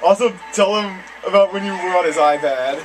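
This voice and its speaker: A man's voice: high-pitched, brisk. A man in casual chat while playing a racing game, teasing his friends sarcastically and swearing casually. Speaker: gamer co-host. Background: game music.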